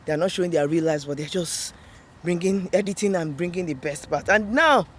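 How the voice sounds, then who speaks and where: A woman talking earnestly to camera while walking outdoors, repeating herself and filling pauses with "you know". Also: deep voice, dark tone. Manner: earnest, repetitive, many "you know" fillers. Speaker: vlogger on a walking challenge. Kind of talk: reflective walking vlog talk. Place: outdoors, walking near a road.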